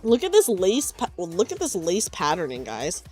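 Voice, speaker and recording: A woman streamer chatting casually while knitting at home, sleepy and low on energy, rambling and correcting herself as she goes. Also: huge pitch swings, moderate pace, dark tone, slightly rough, soft background music. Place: at home on a couch.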